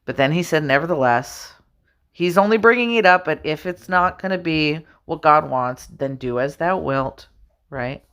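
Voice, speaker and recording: Animated woman talking through scripture. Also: low-pitched. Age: adult. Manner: animated, reads verses slowly, laughs often. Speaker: religious video host. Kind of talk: casual scripture commentary. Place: home.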